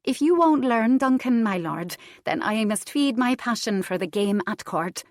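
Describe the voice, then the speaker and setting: A bold young Highland wife teases and lilts upward into high, bright tones, as a woman narrator puts her on. Dry, close delivery in a storybook reading. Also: animated, normal speed, no echo, close to an everyday voice. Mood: playful. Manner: lilting and playful, with high squeals.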